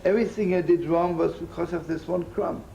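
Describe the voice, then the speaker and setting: An older man, a rabbi, teaching in an animated, chatty sermon full of stories and jokes, using Yiddish and Hebrew terms. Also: on the high side, brisk, vocal fry, dull audio, slight background noise.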